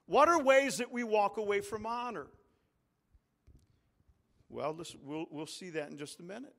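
Male pastor, high-pitched, unhurried sermon delivery with call-and-response, long church reverb. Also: a bit bright. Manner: preaching with call-and-response, rising to emphatic peaks. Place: large church sanctuary.

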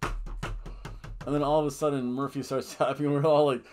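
A man hosting a casual wrestling review podcast, rambling and animated, often laughing and booing in mock outrage. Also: mid-range voice, normal speed, long pauses. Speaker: podcast host.

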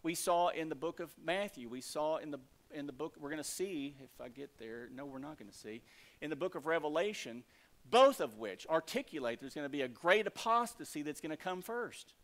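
Man, pastor, sermon in a church, emphatic preaching, soft asides, fairly high voice. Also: animated, a little fast. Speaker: lead pastor. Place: church sanctuary.

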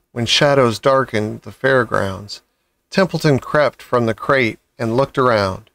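A man reading a children's novel aloud with calm, measured storybook narration. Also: mid-range voice, creaky, dry recording. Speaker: audiobook reader.

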